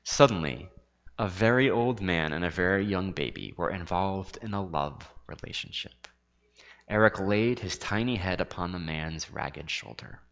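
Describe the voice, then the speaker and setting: A low-pitched man narrates a first-person story aloud with dramatic expressiveness and gentle, hushed asides. The audio is lo-fi and dull, with a long reverb.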